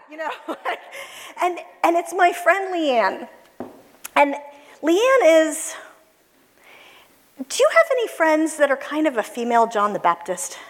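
Speaking to a church audience, a middle-aged woman with a high voice animatedly recounts a personal story, laughing often and acting out the voices of those she quotes. The recording carries the long reverb of a hall.

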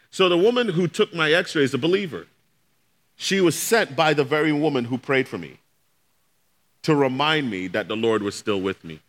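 This man's voice runs on the high side and a bit bright. He's a middle-aged pastor preaching his own testimony as a story, voicing each of the characters he quotes.

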